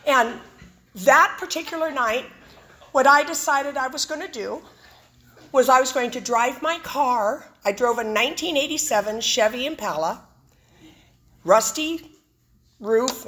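A woman's voice: fairly high pitch, lively intonation, measured pace, bright, forceful tone. A woman speaking at a recovery meeting, telling her personal story with humor and animation. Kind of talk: personal testimony talk.

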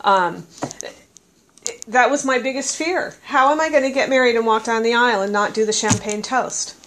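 A woman's voice: a little high, a bit bright, a little hiss or hum, rough recording. A woman sharing her personal story at a recovery meeting, candid and self-mocking, laughing often and restarting her sentences. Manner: halting, with many restarts and fillers. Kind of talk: personal testimony to a live audience. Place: meeting room with an audience.

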